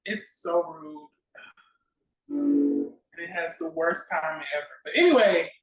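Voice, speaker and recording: A woman guest on an interview show, telling stories in a casual, lively way and acting out the exchanges she remembers. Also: on the low side, slow, reverberant, faint music behind, rough recording. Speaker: guest actress. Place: at home near a railway line.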